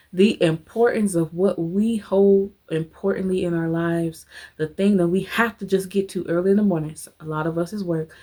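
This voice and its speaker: A woman's voice: lowish voice, dark tone. A woman hosting a motivational talk, speaking emphatically in a preacher-like way, calling listeners honey and y'all and guiding them through a visualization. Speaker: host.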